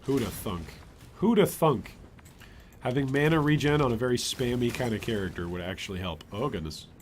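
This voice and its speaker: A man streaming gameplay, chatty and animated, commenting on his build and answering chat. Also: mid-range voice, fast talker, a little hiss or hum. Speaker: streamer, game host.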